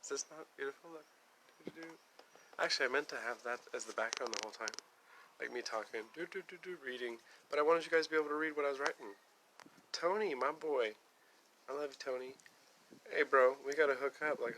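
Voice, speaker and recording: A man's voice: mid-range voice, fast, sharp tone, slight background noise. A young man rambling on a casual livestream, part spiritual preaching, part chatting with viewers. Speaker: livestream host.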